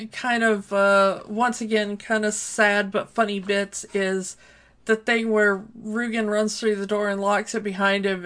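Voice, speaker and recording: A woman's voice: medium pitch, a bit bright. A woman co-hosting a casual chat, speaking hesitantly with many fillers. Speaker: podcast co-host. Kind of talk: casual film discussion.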